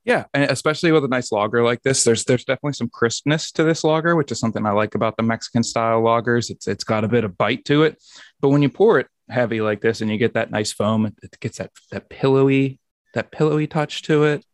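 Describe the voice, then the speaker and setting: Male podcast host, mid pitch, relaxed and rambling, dry close recording. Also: fast, dry recording. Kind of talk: casual podcast chat.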